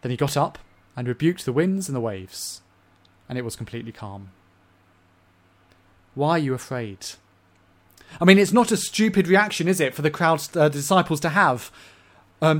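Expressive English preacher delivering a sermon. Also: male voice, on the high side, moderate pace, long pauses. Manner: expressive, swings between loud emphasis and hushed asides.

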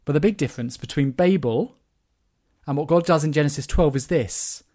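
Male preacher, fairly high voice, morning sermon, reads scripture aloud. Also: normal speed, warm tone.

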